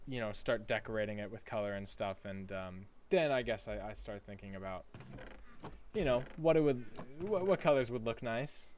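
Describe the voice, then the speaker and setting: A man chatting casually while livestreaming a building game, rambling and halting with lots of fillers and repeated words. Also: medium pitch. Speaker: Minecraft streamer.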